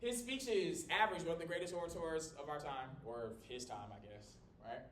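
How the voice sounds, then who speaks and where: A man teaching a college class in a small room without a microphone. He talks in a lively, joking way and swings his volume and pitch up and down to demonstrate. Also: fast, hardly any pauses. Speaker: college instructor. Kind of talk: classroom lecture. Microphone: no microphone, recorded from across the room. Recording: echoey room from a distance with low rumble.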